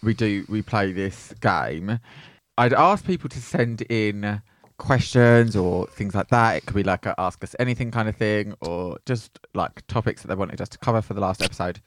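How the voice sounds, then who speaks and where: A man hosting a casual podcast, giggly and animated, swearing freely. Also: lowish voice, moderate pace, no echo. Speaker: podcast host.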